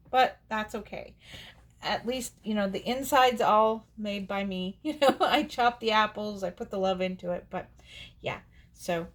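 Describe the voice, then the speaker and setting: Chatty woman vlogger telling a story. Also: mid-range voice. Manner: rambling and chatty, laughs often, restarts sentences. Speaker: doll artist and channel host. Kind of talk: casual storytelling to camera.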